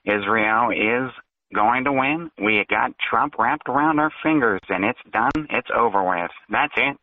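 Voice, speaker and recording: A man's voice: mid-range voice, unhurried, no echo. A male caller on a radio show, talking in a put-on cartoonish drawl. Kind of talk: call-in radio talk. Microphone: phone. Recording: tinny phone line.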